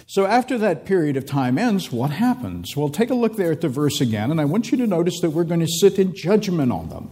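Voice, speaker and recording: Animated male preacher, warm and mellow. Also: on the high side. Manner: animated, drawn-out emphasis, reads scripture aloud. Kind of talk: sermon.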